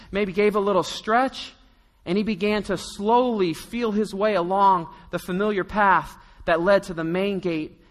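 A man's voice: sits high, long reverb tail. A man preaching a sermon in a casual storytelling way, acting out the people in the story. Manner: storytelling, conversational, acts out quotes. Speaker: pastor.

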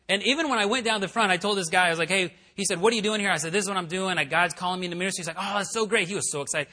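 A man preaching, telling a personal story in a chatty, animated way and acting out the voices he quotes. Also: sits high, racing, hardly any pauses. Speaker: pastor. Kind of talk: sermon storytelling. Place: church worship center.

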